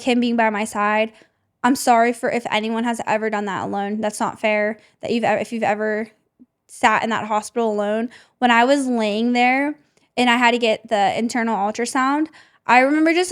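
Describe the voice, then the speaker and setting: Emotional young woman telling a personal story. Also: a little high. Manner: emotional, heavy use of "like" fillers. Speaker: podcast host.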